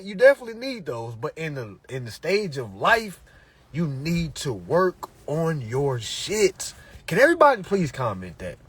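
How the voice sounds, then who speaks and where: Husky, lively motivational man. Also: sits high, dry recording. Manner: emphatic, repetitive, peppered with "all right?" and profanity. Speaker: motivational speaker. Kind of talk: preachy motivational talk to followers.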